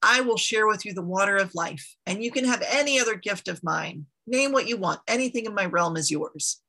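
A lonely, powerful queen of the underworld from a told myth, slow and moaning with a gravelly, husky tone, as a woman reads her. Her words drag out heavily. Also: medium pitch, expressive, bright, forceful tone. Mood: eager. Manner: moaning, pleading, then raging. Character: self-pitying goddess queen of the dead.

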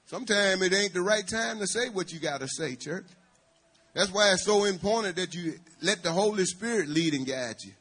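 Husky preacher man calling to his church. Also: high-pitched, animated, normal speed, a bit bright. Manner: call-and-response, calling out to the congregation. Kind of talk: church sermon.

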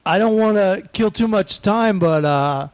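A man's voice: sits high, a little slow, clear, resonant tone, no echo. A man hosting a comedy podcast, joking around and rambling through a profane story. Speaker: podcast host. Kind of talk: casual comedy podcast chat.

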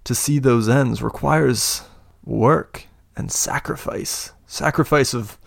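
A man voicing a big, scheming older lord with one good eye who speaks in slow, grandiose speeches and laughs deep and booming. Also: creaky, no room sound, studio quality, full character voice. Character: imposing older male lord, scheming, one-eyed mentor. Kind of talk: tabletop role-play narration.

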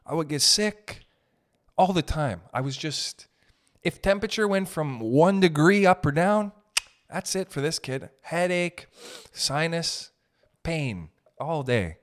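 A young man telling comic stories in a loose, profane rant, riffing with quick asides. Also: fairly high pitch, expressive. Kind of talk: comedic storytelling rant.

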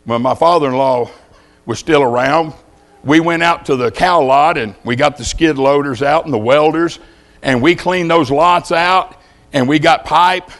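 An older man preaching a sermon, telling homespun stories and jokes in a folksy way. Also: fairly high pitch.

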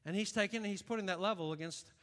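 Speaking quickly with a drawl, a middle-aged man preaches a sermon, his ringing, bright voice climbing to high shouted peaks. The church sanctuary lends his words a long, full reverb.

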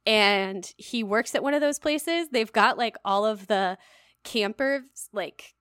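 A woman's voice: on the high side, slow, no echo, studio quality. A woman co-hosting a podcast, chatting casually and wryly with lots of fillers. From United States. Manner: animated, wry, many fillers like "like". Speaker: podcast co-host. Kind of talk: casual chat.

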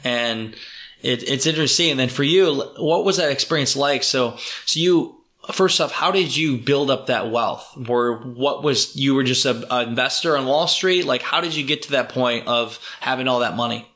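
A man's voice: mid-range voice, normal speed, pushed and bright. A man hosting a podcast, chatting casually and eagerly, asking follow-up questions. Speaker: podcast host. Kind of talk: casual interview chat.

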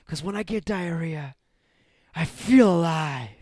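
A man's voice: a little high, measured pace, darkish tone, dry recording. A man playing a crude, unhinged Joker-style villain, boastful and giddy, stretching out his words. It is an improvised comedy sketch, recorded close and dry. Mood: manic.

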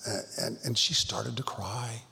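Creaky-voiced pastor in reverberant hall. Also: male voice, lowish voice, steady tone, sharp tone, a little hiss or hum. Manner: halting, many restarts, earnest. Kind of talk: Bible study talk, storytelling. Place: church hall.

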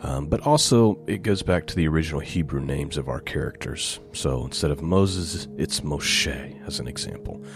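Deep-voiced guy doing a laid-back bible study, reads verses out with punch, faint music behind. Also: normal speed, hardly any pauses. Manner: relaxed and explanatory, reads scripture aloud with rising emphasis. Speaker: Bible teacher. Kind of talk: conversational Torah portion teaching.

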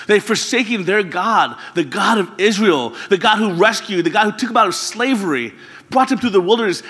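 Male pastor, sermon delivery, earnest with exasperated bursts, higher husky tone. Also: a bit bright, big-room sound. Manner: earnest, rising to exasperated outbursts.

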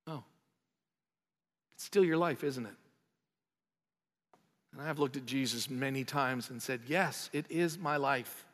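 A man preaching a sermon with passion. He swells loud on emphatic lines, then drops low and quiet. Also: a little slow, pauses often. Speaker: pastor. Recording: long hall reverb.

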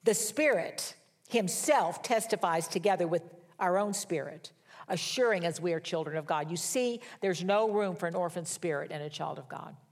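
A woman's voice: lowish voice, normal speed. An older woman preaching a sermon in a conversational, folksy storytelling manner with wry humor. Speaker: pastor.

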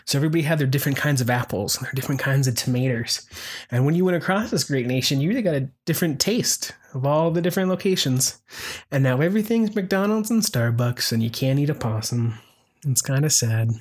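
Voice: mid-range voice, lively intonation, fast talker, slightly rough. A co-host with a mid-range voice riffs playfully on a comedy podcast. The talk is loose and jokey, full of silly ideas. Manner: playful, riffs on absurd jokes. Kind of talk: casual comedic chat.

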